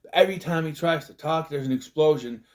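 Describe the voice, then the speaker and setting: A man recapping a movie in a loose, casual way, often slipping into quick put-on voices to act out the scenes. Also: a little high. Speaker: movie reviewer.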